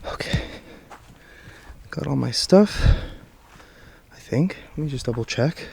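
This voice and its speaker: A man's voice: mid-range voice, a little slow, gravelly, pauses often, dark tone, husky. A man filming himself as he hurries out of a forest at night, talking nervously to his viewers, sighing and swearing under his breath. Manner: jittery, swearing, often sighing and muttering. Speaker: paranormal vlogger. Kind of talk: nervous first-person vlog narration. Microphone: handheld camera mic while walking. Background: faint night forest noise and rattling.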